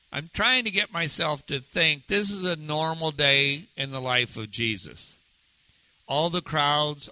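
A male pastor delivers a sermon in an earnest, measured way, drawing out the words he wants to land. His voice is sharp and very bright, a little higher than most men's, and it sounds close and dry. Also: no room sound, poor audio. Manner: earnest, measured, slows down to stress key phrases.

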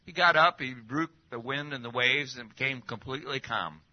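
A man preaching a sermon, full of rhetorical questions and swinging between loud and hushed. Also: mid-range voice, moderate pace, hardly any pauses. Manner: lively, rhetorical questions, drops to near-whispers. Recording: dull lo-fi recording.

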